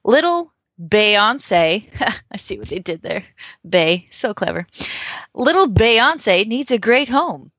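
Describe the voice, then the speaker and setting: A woman's voice: a little high, sing-song, takes it slowly, fairly bright tone, slightly rough, no echo, muffled recording. A woman guest in casual talk, playful and joking as she reads ads aloud. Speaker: podcast guest. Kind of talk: casual chat.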